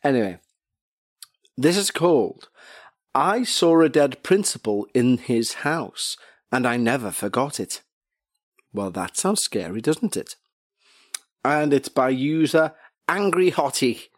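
Male podcast host, mid-pitched, reads a story and drifts into jokey asides, close and dry. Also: very animated, a little slow, no echo. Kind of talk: casual chat and story reading. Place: home couch.

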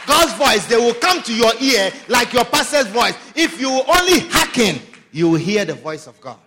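High-voiced, animated preaching man. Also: over music. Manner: preaching with sudden shouts and drawn-out emphatic lines. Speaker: pastor. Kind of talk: sermon.

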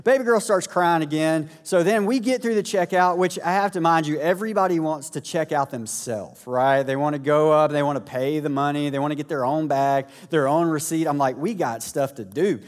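A man, a pastor telling a family story in a sermon with lively asides to the congregation. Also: fairly high pitch, brisk, few pauses. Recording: echoey hall.

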